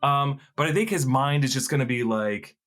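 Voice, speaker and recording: A man's voice: mid-range voice, animated, normal speed, a bit bright. A man co-hosting a casual pop-culture discussion, rambling with lots of fillers and restarts. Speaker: co-host.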